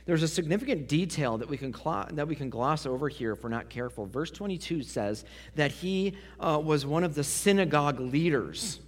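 A man preaching a sermon, swinging from loud emphasis to hushed near-whispers. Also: a little high, animated, normal speed, few pauses. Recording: long hall reverb.

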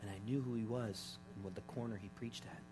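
A man retelling a tearful old nurse, hushed. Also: on the low side, fairly quick, over music, voice pushed down, close to an everyday voice, rough recording. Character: elderly woman, a tearful former nurse. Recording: steady mains hum underneath.

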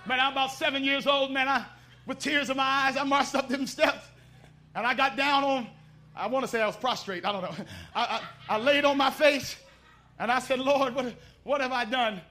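Fervent male preacher, high and sharp, middle-aged, drives the congregation with call-and-response. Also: fairly even intonation, moderate pace. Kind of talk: sermon.

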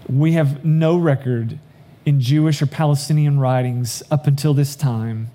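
A man delivers an earnest sermon in a warm, mellow voice of middling pitch. He reads scripture aloud and explains it, slowing down to stress the key lines. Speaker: pastor.

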